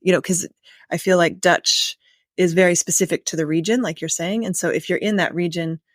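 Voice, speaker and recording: A woman's voice: on the low side, fairly even intonation, brisk, no echo. American woman hosting, dry close sound. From United States. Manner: conversational, thinking aloud with ums. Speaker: podcast host. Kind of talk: podcast interview.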